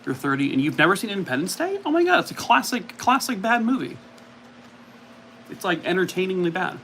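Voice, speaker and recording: Male streamer, casual and self-mocking, slightly high voice, reads the chat. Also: sing-song, fairly quick, pushed and bright, slight background noise. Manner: chatty, self-mocking, reacts to viewer comments. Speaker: livestream host.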